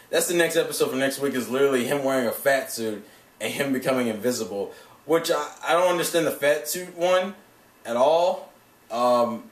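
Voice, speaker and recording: Rambling, profane young-sounding man in an echoey room. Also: mid-range voice. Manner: rambling, profane, laughs often. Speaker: anime reviewer. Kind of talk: casual vlog review. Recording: echoey room, mic at a distance.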